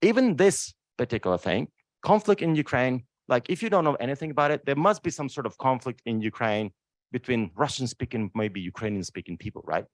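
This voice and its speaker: Emphatic animated male panelist. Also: mid-range voice, brisk, no echo, clean studio sound. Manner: emphatic, repeats "right?" often. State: emotional. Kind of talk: impassioned panel talk. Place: lecture room.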